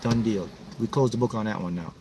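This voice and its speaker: This manifesting coach's voice sits fairly low and runs a little fast, with background noise behind it. Hosting a motivational livestream, he hammers his points emphatically and repeats them to energize viewers.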